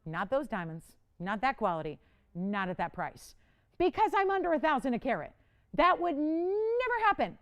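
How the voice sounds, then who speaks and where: A woman hosting a live jewelry auction on TV, chatty and animated, playfully dramatic as she talks to callers and crew. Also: mid-range voice, brisk, clear, resonant tone. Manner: dramatic, playful self-mocking. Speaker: live shopping host. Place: TV studio.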